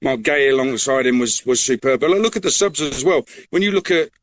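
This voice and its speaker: A man's voice: mid-range voice, brisk, dry recording. A man giving post-match radio analysis, enthusiastic and full of praise for the players. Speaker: football reporter.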